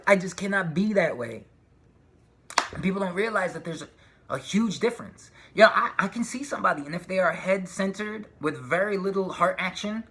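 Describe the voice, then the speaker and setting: A man vlogging in a casual, rambling spiritual rant, slangy and profane, with shouted outbursts. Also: high voice. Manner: slangy street talk.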